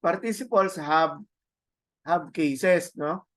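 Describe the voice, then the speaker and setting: Slow high-voiced Filipino teacher. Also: male voice. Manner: halting, repeats words, tag questions "no?". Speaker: seminary Greek teacher. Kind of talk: classroom lecture.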